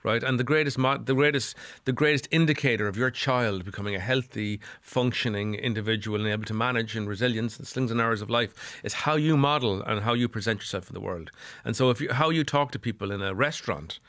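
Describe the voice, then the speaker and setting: A man's voice: mid-range voice, fast talker, hardly any pauses, a bit bright, no room sound, clean studio sound. A middle-aged Irish man speaking as a psychotherapist guest on a podcast, earnest and repeating phrases for emphasis. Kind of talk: podcast interview.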